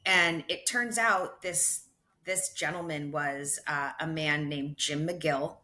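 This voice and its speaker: A middle-aged woman with a bright, forceful tone and a slightly low voice tells her story as a podcast guest. She talks casually and is quick to laugh. She often breaks off and restarts her sentences. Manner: animated, quick to laugh, self-correcting restarts. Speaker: podcast guest, ultra runner.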